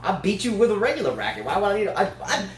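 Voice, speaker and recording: A man's voice: high voice, sing-song, very fast, echoey room. A man co-hosting a casual tennis chat show, a long-winded, playful storyteller. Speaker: tennis channel co-host.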